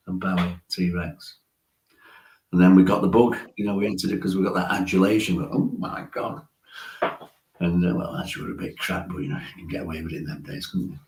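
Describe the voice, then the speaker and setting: Brief: man, 60s, low-pitched storyteller with frequent chuckles, roomy echo. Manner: chatty storyteller, chuckles often. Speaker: musician guest. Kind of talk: casual interview chat.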